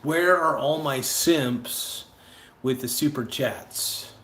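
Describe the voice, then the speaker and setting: A man's voice: mid-range voice, slow, fairly bright tone. A man hosting a casual livestream, rambling and joking with viewers between offhand remarks. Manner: rambling, joking, breaks into improvised sung rhymes. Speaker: livestream host. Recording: echoey room, faint ambient noise.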